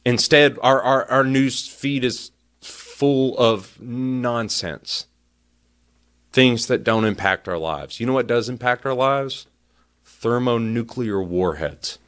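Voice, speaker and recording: A man's voice: medium pitch, animated, measured pace, a bit bright. A man hosting a podcast who rants heatedly and stammers and repeats himself as he gets worked up. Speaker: podcast host. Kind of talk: opinion rant.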